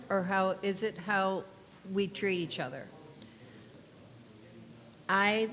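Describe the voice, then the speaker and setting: A woman speaking as a city council member in a formal meeting, measured and hesitant, with restarts. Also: mid-range voice, a bit bright. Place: council chamber. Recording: reverberant council chamber, faint room noise.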